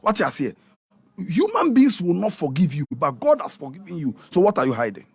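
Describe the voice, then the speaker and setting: Ghanaian male prophet, radio guest, lively preaching tone, slightly high voice, dry booth. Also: fairly quick, vocal fry, breathy edge, no room sound. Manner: animated, mixes Twi and English, acts out quotes.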